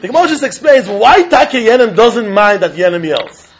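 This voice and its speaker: A man giving a Talmud lecture, animated and chuckling as he acts out both sides of an argument. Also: high-pitched, moderate pace, a little hiss or hum. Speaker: Talmud teacher. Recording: dull lo-fi recording.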